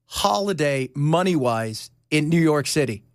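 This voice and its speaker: Man, radio talk host, casual studio banter, laughs a lot, high voice, very lively melody. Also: measured pace, no echo. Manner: animated, rambling, laughs often.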